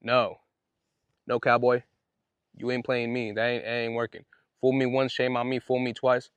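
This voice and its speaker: A man's voice: mid-range voice, level tone, fairly quick, smooth, dry recording. A man hosting his own podcast, telling a story in an indignant, fired-up way with casual slang. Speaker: podcast host. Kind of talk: solo podcast monologue.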